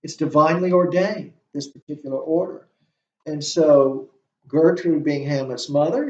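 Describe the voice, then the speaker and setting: A male literature instructor lectures in a halting way, full of fillers and restarts. His voice sits a little high. He is recorded from a distance in a roomy space, and the sound is dull. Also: warm tone. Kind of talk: classroom lecture. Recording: echoey room, distant mic, dull sound.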